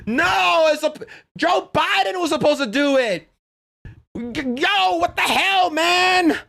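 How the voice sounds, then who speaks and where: A man putting on a high, whining voice to mock an outraged male political streamer. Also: slow, gravelly, pushed and bright, exaggerated voice.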